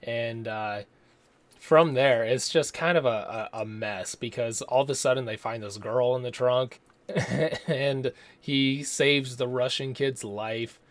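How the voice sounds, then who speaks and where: A man talking through a movie review in a relaxed, rambling way. He swears casually and keeps mimicking the people he describes. His voice sits in an ordinary middle register. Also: medium pitch, slow, no echo. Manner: rambling, profane, slips into mocking impressions.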